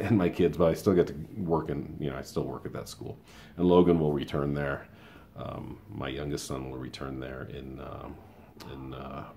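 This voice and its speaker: A man in his fifties with an extremely deep, low voice talks through a casual opinion monologue. He rambles from story to aside in an easy, conversational way, with a faint hiss of noise behind him. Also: creaky, darkish tone. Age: 50s. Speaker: school paraprofessional and show host.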